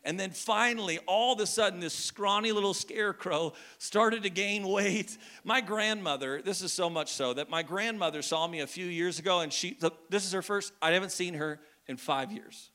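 A man's voice: high-pitched, normal speed, few pauses, bright, forceful tone. A man in his thirties preaching a sermon to a church, talking casually and joking with the congregation. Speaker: pastor. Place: church hall.

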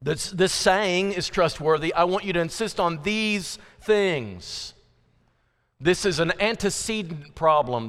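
A man's voice: on the high side, fairly bright tone, clear, resonant tone, in a large hall. A man preaching a sermon in a conversational, emphatic way, full of rhetorical questions. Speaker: pastor.

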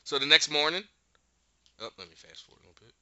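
A man's voice: fairly high pitch, animated, quick pace, pushed and bright, dull audio. A man casually recapping a show, animatedly retelling scenes and acting out the characters' lines. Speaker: podcast host recapping a show.

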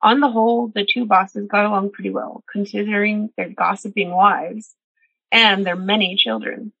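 A woman's voice: medium pitch, fairly even intonation, moderate pace, creaky, fairly bright tone, breathy edge, no room sound. A woman storyteller reading a traditional animal tale aloud and reflecting earnestly on its lessons. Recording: dull, dry recording.

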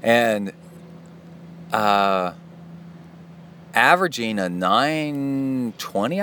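A man's voice: on the low side, moderate pace, a bit bright, a little hiss or hum. A middle-aged man hosting a podcast, talking in a chatty, self-deprecating way that wanders off into side stories. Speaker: podcast host. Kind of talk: casual rambling podcast monologue.

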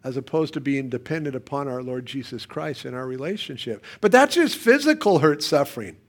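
A middle-aged man preaching a sermon as pastor, swinging between quiet, soft passages and sudden loud, emphatic bursts. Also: medium pitch, expressive, fairly quick.

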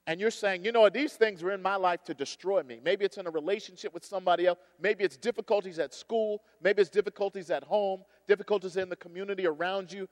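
Male pastor preaching in a church sanctuary; dynamic delivery, booming then soft, long reverb behind him. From United States. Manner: dynamic preaching, swinging between loud emphasis and hushed storytelling. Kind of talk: sermon.

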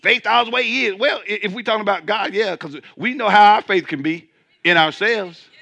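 Man, pastor, sermon, emphatic preaching, very bright piercing tone, high voice. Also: creaky. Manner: emphatic preaching with rapid repeated restarts; calls out to the congregation.

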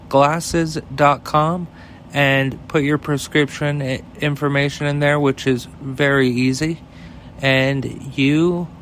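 A man's voice: medium pitch, a bit bright, a little hiss or hum. A man hosting his own show, giving blunt, profane commentary on the news and reading sponsor ads in a casual, offhand way. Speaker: host.

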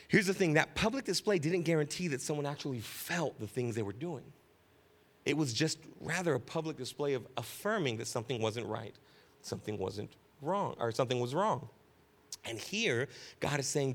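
A man's voice: medium pitch, expressive, normal speed. A man preaching a conversational sermon as pastor, joking with the congregation and repeating key phrases for emphasis. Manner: casual, joking, keeps asking "right?".

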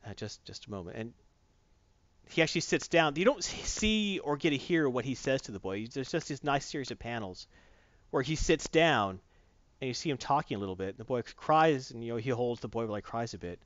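A man's voice: mid-range voice, lively intonation, fairly quick, fairly bright tone, no echo. A man casually reviewing a comic book, retelling it in a rambling, enthusiastic way, in a dull lo-fi recording.

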